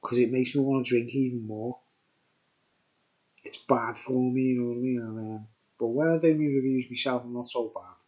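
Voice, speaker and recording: A man's voice: medium pitch, fairly even intonation, normal speed, a little mellow, dull audio. A man with a Birkenhead Scouse accent, rambling through a casual beer review vlog and often saying "you know what I mean". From Birkenhead, England.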